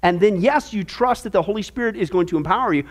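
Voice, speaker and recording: Man, high voice, Bible class teacher, chatty and animated, everyday analogies, keeps asking "okay?". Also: quick pace. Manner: conversational, animated, talks in homey analogies; checks in with the class with frequent "okay?".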